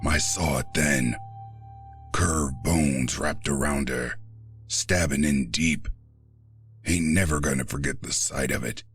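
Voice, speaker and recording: A man voicing a gruff old grandfather, weary and haunted, with a very deep, rough drawl, hesitant and stumbling with fillers. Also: slow pace, a bit bright, soft background music, heavily acted.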